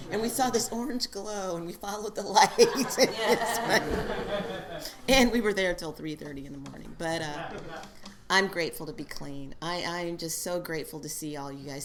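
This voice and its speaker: A woman sharing at a recovery meeting, telling a story and laughing as she goes. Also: lowish voice. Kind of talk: personal sharing.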